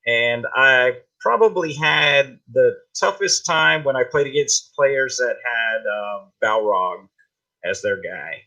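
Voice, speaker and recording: A man co-hosting a casual podcast, chatty and animated. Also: medium pitch, slow, rough recording. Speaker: podcast co-host.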